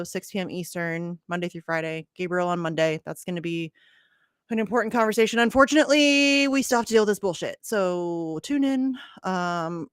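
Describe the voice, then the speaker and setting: A woman's voice: lowish voice, no room sound, clean studio sound. A woman hosting a podcast in casual chat, blunt, profane and cynical, laughing often. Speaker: podcast host.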